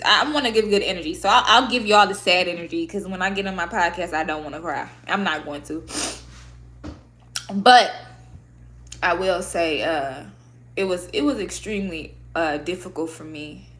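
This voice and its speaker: A woman from Michigan, talking candidly and with plenty of swearing as she vlogs to camera. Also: on the low side. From Michigan, USA. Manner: candid, profane, expressive. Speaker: vlogger and podcaster. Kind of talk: casual talk to camera. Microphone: own microphone at a desk setup.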